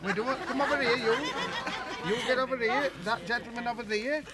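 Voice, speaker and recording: A man's voice: very high voice, fairly even intonation, brisk, a loud crowd. A man hosting a TV game show, jokey and chummy, calling everyone love and flower. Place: TV studio with live audience. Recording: old broadcast tape with audience and hiss. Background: studio audience.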